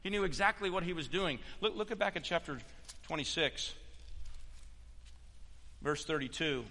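A man preaching a sermon as pastor, emphatic, swinging between loud declarations and hushed stretches. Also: on the high side, expressive, normal speed, in a large hall.

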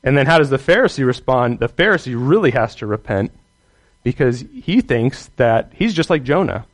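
A man's voice: mid-range voice, big pitch swings, normal speed. A man teaching others how to preach and teach the Bible, earnest and emphatic, often checking in with the listener.

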